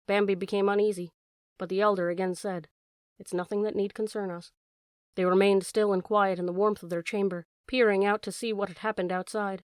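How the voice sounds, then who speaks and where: A woman reads a classic story aloud in a measured, expressive voice of middle pitch. She is close to the mic in a dry room with no echo. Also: clean tone. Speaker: audiobook narrator. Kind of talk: scripted narration.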